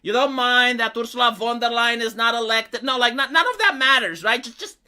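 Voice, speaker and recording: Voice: mid-range voice, brisk, bright, forceful tone, smooth. A live streamer from Romania, ranting in sarcastic, heated and profane commentary.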